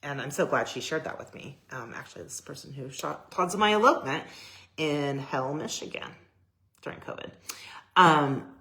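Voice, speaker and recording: Low-voiced gushing woman photographer. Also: normal speed, fairly bright tone. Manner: gushing, rambling, many fillers and restarts. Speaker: boudoir photographer. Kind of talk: casual personal talk to camera.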